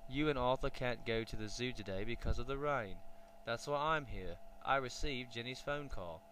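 Cast: jolly, chatty storybook duck with a British accent, bright and a little high, put on by a male narrator. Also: normal speed, a little hiss or hum, lightly acted, low-quality recording. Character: cheerful male magical duck from London. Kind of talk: storybook reading.

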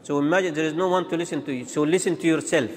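A man teaching Quran pronunciation, demonstrating and contrasting letter sounds in a halting, repetitive way. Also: a little high. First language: Arabic. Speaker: tajweed teacher. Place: large mosque hall. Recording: long reverb of a large hall.

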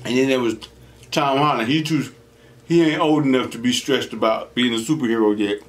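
With slight background noise behind him, a young man with a mid-range voice talks briskly while hosting a mukbang at home. Between bites he tells casual stories, animated and quick to laugh, acting out quoted voices.

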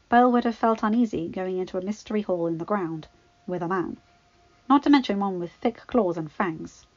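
A woman's voice: mid-range voice, no room sound. Woman reading fanfiction, dull dry sound. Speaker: fanfiction reader. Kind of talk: storybook narration.

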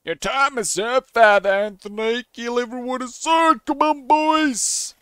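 A man voicing a menacing male outlaw gang leader with a loud, slow, threatening delivery. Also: very high-pitched, clear, resonant tone, no echo, clean studio sound, voice pushed up.

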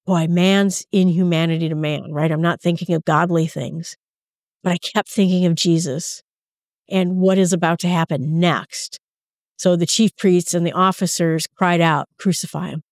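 A woman's voice: fairly low pitch, steady tone, moderate pace, no echo. A woman hosting a Bible teaching podcast who talks casually and mixes in personal stories and asides. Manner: conversational storyteller with asides.

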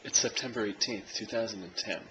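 A young man filming himself at home as he watches a football game, chatting and cheering loudly. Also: fairly low pitch, a little fast. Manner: swings from quiet chat to loud cheering shouts. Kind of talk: casual vlog, reacting to live football. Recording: noisy home video recording.

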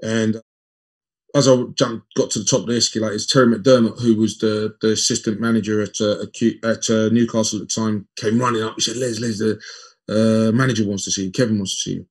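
A man in his fifties, a former footballer, telling lively anecdotes as an interview guest and acting out the dialogue. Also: fairly low pitch, brisk, breathy edge. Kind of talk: conversational storytelling in an interview.

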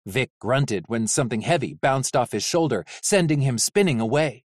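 An audiobook narrator reading a novel in an expressive, animated way. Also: medium pitch, moderate pace, dry recording, studio quality.

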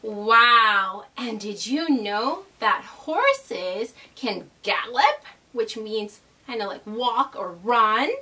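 A young woman hosting a toddler learning video, talking in a slow, exaggerated, sing-song way. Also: a little high, animated, sharp tone, recorded from a distance. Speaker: children's educational host. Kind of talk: teaching toddlers.

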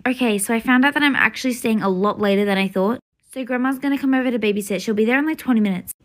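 A woman voicing a busy, firm mother in a toy-game role-play. The mother speaks loudly and brightly and is affectionate but does not give in. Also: fairly high pitch, racing, natural voice.

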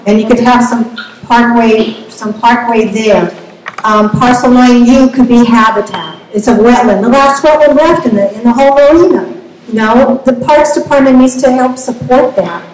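A woman's voice: on the high side, a little mellow. Impassioned woman in echoey meeting room. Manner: impassioned, halting with repeated words. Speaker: public commenter. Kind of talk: public comment at community meeting. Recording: echoey room, faint ambient noise.

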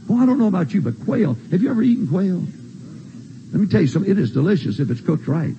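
A man's voice: high voice, lively intonation, a little fast, gravelly, a little mellow, breathy edge, highs cut off. An older man preaching a sermon, folksy and emphatic, repeating his points. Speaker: pastor. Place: church sanctuary.

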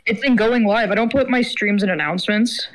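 A woman's voice: a little high, fairly quick, low-quality recording. A woman chatting as a co-streamer, dry and sarcastic, swearing casually. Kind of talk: casual game stream chat.

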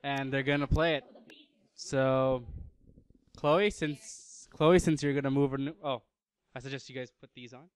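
A man hosting a casual gaming video, quickly introducing the players. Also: medium pitch, steady tone, clean tone, dry recording. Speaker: channel host.

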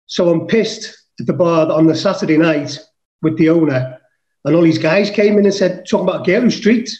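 A man's voice: a little high, moderate pace, a little mellow, echoey room, highs cut off. A man from England, a podcast guest, telling a rowdy story with lots of swearing and acting out his own lines. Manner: swears casually, acts out his own quotes. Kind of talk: animated storytelling.

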